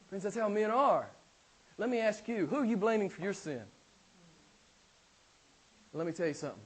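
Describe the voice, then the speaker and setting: A man's voice: sits high, expressive, normal speed, long pauses. A man preaching a sermon in a church, emphatic and direct, often acting out the voices of people who blame God. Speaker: pastor.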